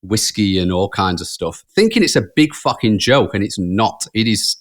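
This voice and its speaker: A man's voice: on the low side, lively intonation, moderate pace. A man co-hosting a podcast, telling rambling stories in casual chat and laughing often. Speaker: podcast co-host.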